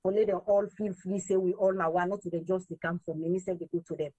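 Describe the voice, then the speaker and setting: A woman from Sierra Leone with a Sierra Leonean accent, mixing in Krio, telling her story as an interview guest in a lively way, acting out what others said. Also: on the low side, quick pace, dry recording, highs cut off. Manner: lively, quotes others in raised voices, slips between English and Krio.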